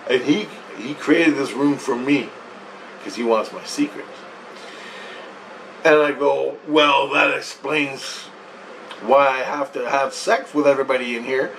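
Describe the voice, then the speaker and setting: A man telling a rambling personal story at home, profane and excited, acting out what he and others said. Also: mid-range voice, measured pace, vocal fry, pauses often, recorded from a distance, a little hiss or hum, low-quality recording. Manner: profane, excited, quotes himself and others animatedly.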